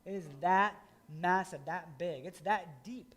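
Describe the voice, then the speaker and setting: Folksy high-voiced man preaching. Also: unhurried, a bit bright. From rural Indiana. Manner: conversational, folksy with asides. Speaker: pastor. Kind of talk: sermon.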